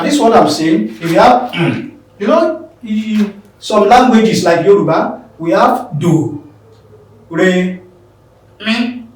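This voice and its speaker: Slow man teaching, echoey far mic. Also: high voice. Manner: slow, repeating words for drill. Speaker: English teacher. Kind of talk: classroom pronunciation lesson.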